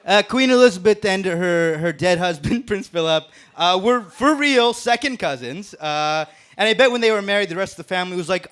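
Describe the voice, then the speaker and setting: Man roasting on stage, high voice, very animated, brash, profane, laughs at own jokes. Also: normal speed, hardly any pauses, clear, resonant tone. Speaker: stand-up comic in a roast battle. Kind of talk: stand-up roast set. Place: comedy club stage.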